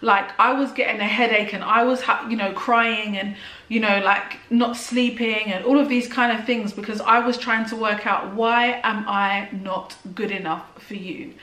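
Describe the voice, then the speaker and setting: A woman's voice: fairly high pitch, steady tone, bright, forceful tone, far from the mic. Young woman, personal vlog testimony, hesitant and emotional, recorded in an echoey room, away from the mic. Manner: halting, frequent "like" and restarts, emotional. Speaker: vlogger. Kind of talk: personal testimony, casual talk to camera. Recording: roomy and off-mic.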